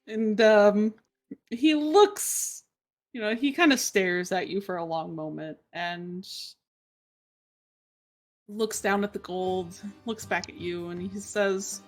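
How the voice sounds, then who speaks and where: A woman narrating a tabletop game as game master, in a relaxed, hesitant way. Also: medium pitch, extremely slow, long pauses, soft background music.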